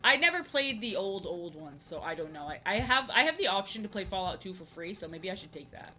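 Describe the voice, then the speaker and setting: A young woman streaming as she draws, chatting casually and rambling, often repeating herself and filling pauses with "um" and "like". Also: medium pitch, sing-song, pushed and bright, rough recording. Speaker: art streamer. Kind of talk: casual chat while drawing on stream.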